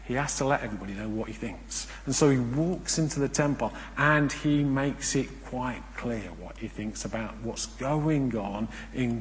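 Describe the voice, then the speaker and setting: Emphatic preacher in a reverberant hall. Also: male voice, mid-range voice, normal speed, few pauses, slight background noise. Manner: emphatic, rhetorical questions, swings between loud and hushed. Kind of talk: sermon. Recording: long reverb of a large hall.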